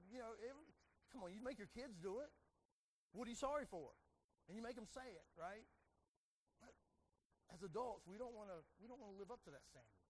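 A man's voice: high-pitched, slight background noise, low-quality recording. A man preaching a sermon as pastor, talking conversationally, often repeating words and prodding the congregation.

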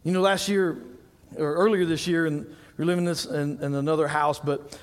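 A middle-aged man preaching a sermon as pastor, telling animated stories and rising to loud emphasis. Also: fairly high pitch, normal speed, in a large hall.

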